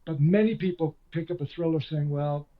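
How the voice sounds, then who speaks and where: A fairly high-pitched man talks a little fast on a muffled recording. He's an older Canadian, a former radio host and author, appearing as a guest in a conversational interview and telling stories at his own expense.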